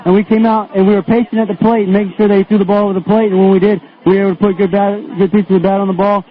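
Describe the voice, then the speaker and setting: A man, a baseball player, answering post-game interview questions with frequent fillers. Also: high voice. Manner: flat, quick, with um fillers. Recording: tinny radio broadcast.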